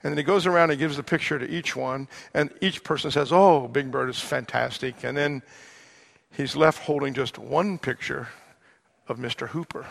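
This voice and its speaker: A male pastor delivers a sermon in an earnest way, slowing down on the words he wants to land. His voice is gravelly and sits a little high. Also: a bit bright. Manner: earnest, slows down for emphasis.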